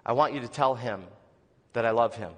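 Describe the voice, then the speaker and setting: A man voicing God, speaking quietly and firmly. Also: mid-range voice, fairly quick, big-room sound, voice pushed down, close to an everyday voice. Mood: gentle command. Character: calm, firm voice of God.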